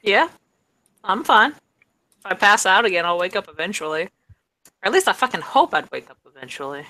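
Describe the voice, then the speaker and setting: A woman's voice: medium pitch, big pitch swings, normal speed, sharp tone, rough recording. A woman playing a tabletop game, narrating casually with many fillers. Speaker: tabletop player. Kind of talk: casual tabletop role-play.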